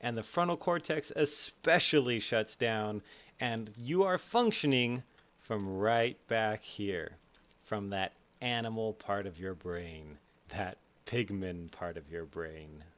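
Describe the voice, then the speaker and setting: A man explaining psychology in a casual, animated way over gameplay, acting out his own thoughts in quick bursts. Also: lowish voice. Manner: animated, acts out his own inner voices. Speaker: educational YouTuber.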